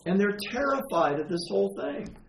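A man preaching to his congregation, talking things through and asking questions in a lively, animated way. His voice sits a little on the high side and rings in a roomy church. Faint ambient noise lies under his words. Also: normal speed, vocal fry. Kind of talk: sermon.

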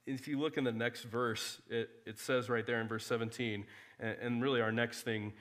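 A man preaching a sermon as a pastor, telling Bible stories with animated acted-out dialogue. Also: medium pitch, normal speed. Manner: animated storytelling, acts out biblical dialogue.

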